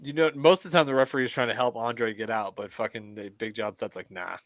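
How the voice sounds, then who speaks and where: A man in a middle-pitched voice riffs with a joking, profane edge while he comments on an old wrestling match. The sound is close and dry, with no room around it. He laughs easily and swears freely. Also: fairly even intonation, fast, a bit bright, no echo. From US Midwest. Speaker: podcast co-host.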